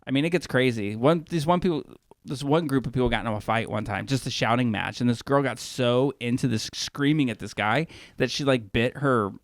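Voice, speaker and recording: A man's voice: mid-range voice, fairly quick, no room sound. Guy cohosting a podcast, rambly and chatty, dead dry mic. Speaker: podcast co-host. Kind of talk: casual chat.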